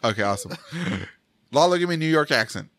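A young man riffing on a podcast, his voice bright and lively as it jumps up and down. He laughs between lines and keeps saying "dude". The sound is close and dry. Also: fairly high pitch, brisk, no room sound. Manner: laughing often, joking, says "dude" a lot. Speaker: podcast co-host. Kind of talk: casual banter. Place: Texas.

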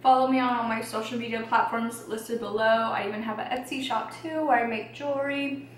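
A woman's voice: a little high, fairly even intonation, fairly quick. A woman vlogger chatting casually about a true-crime case while eating, with plenty of "um"s and "like"s. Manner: chatty, many fillers and hedges. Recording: roomy echo, faint background noise.

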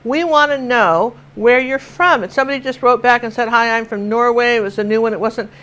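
An older woman from Washington State leads a live painting lesson. Her voice sits a little high, and she chats and laughs through stories as she paints. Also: brisk, fairly bright tone, dull audio. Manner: chatty, laughing, tells stories while painting. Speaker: painting teacher.

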